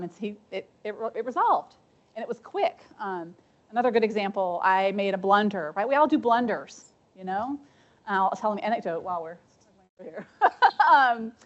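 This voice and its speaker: A woman presenting at a conference breakout session in a relaxed, storytelling way, full of "um" and "right?" check-ins. The recording sounds dull and lo-fi. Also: mid-range voice. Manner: chatty and anecdotal, frequent ums and "right?". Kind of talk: conference talk with audience discussion.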